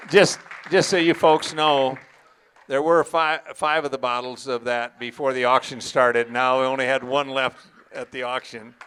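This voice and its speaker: A man's voice: mid-range voice, fairly even intonation, a little slow, fairly bright tone, slight background noise. A man emceeing a student auction, folksy and joking, addressing the crowd as folks. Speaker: auction school instructor and emcee.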